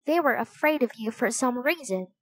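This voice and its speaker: A woman voicing a kind, eager young girl who speaks softly and coaxingly in a storybook reading. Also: a little high, lively intonation, normal speed, no room sound. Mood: gentle. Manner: soft and gentle, coaxing.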